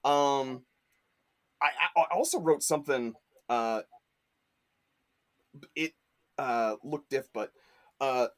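A man's voice: mid-range voice, slow, long pauses. A man chatting as a podcast guest, rambling with lots of fillers and restarts. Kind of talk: casual chat.

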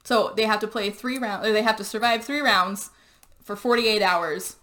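A woman hosting a podcast, recapping a movie in casual, animated chat. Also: mid-range voice, moderate pace. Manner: animated storytelling with frequent likes and laughs. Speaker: podcast host.

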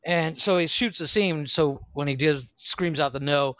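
A man's voice: a little high, moderate pace, a bit bright, rough recording. A man hosting a podcast, telling a story in a rambling way, swearing freely and laughing often. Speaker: podcast host. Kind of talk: casual profane chat.

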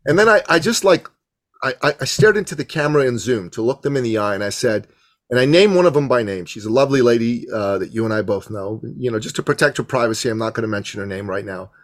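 A man telling an excited story as a podcast guest, repeating words and acting out what people said. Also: medium pitch, quick pace. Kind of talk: animated storytelling.

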